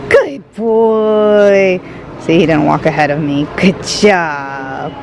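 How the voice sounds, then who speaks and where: A woman's voice: on the low side, slow pace, noisy background. A woman vlogging casually, chatting to the camera and giving her dog short commands and cheerful praise. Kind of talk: casual vlog chat. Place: store, then at home in bed.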